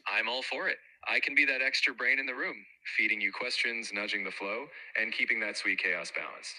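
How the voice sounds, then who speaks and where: Synthetic male co-host voice, very bright and eager, low-ish pitch. Upbeat assistant delivery. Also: a little fast, rough recording. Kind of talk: scripted-sounding assistant replies.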